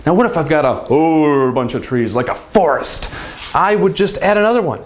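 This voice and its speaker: A man's voice: a little high, animated, a little fast. Upbeat man teaching a lesson. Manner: upbeat, chatty, conversational. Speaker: language teacher. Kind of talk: casual video lesson.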